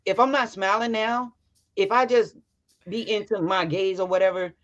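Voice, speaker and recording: A young woman in her twenties talks through relationship advice in an animated, chatty way, laughing easily between points. Her voice sits in a middle register. The recording is a little dull and lo-fi. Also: medium pitch, normal speed. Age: 20s. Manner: animated, laughs often, acts out bits of dialogue. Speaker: podcast co-host. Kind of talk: casual relationship chat.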